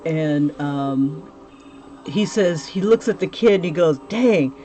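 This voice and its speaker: Woman doing a casual drawing stream, rambly and laughing, clear music playing under her. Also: low-pitched, slow, mellow. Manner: chatty, laughs often, restarts sentences. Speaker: livestreaming artist chatting with viewers. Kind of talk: casual livestream chat while drawing.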